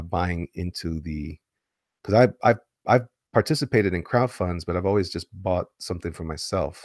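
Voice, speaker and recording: A man talks loosely to his stream chat in a fairly low voice. His sentences restart and wander as he answers viewers' comments. The recording is dry and close to the mic. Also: a little mellow, no room sound. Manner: rambling, with frequent restarts. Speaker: comic artist streaming and reading chat. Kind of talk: casual live-stream chat.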